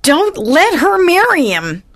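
A woman playing a soft-spoken humble widow. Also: mid-range voice, big pitch swings, a little slow. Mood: soft, timid. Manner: soft, murmuring, hesitant. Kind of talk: dramatized audiobook reading.

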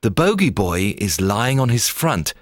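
A man narrating a children's story in a scripted, expressive read-aloud manner. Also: on the low side, a little slow, dry recording, clean studio sound.

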